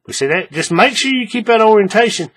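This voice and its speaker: A man's voice: sits high, a little fast. A man casually walking viewers through a hands-on crafting tutorial, repeating steps and checking that they follow along. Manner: relaxed, repetitive, often checks the viewer follows. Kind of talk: casual step-by-step demonstration.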